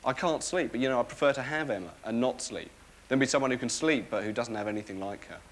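A man's voice: medium pitch, quick pace, natural voice. An actor playing a neurotic, sleepless young man, who rambles in a wry, self-mocking way. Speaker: sitcom lead. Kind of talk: comic monologue and dialogue. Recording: noisy TV broadcast recording.

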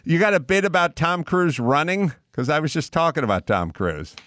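A man's voice: a little high, sing-song, a bit bright, no echo, clean studio sound. A man hosting a podcast, riffing and swearing through casual comedic banter. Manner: riffing, swearing, quick jokes. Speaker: podcast host.

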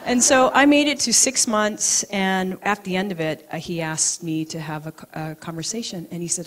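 A woman's voice: medium pitch, moderate pace. A woman acupuncturist giving a personal storytelling talk at an event, laughing and acting out the people in her stories. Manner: animated, laughing storyteller who acts out quotes. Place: event venue.

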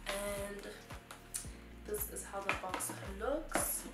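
A woman's voice: mid-range voice, extremely slow. A woman, chatting in a gushing, effusive way as she unboxes gifts for her vlog. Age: 20s. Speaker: vlogger. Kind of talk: casual unboxing chat. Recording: echoey room with background music.

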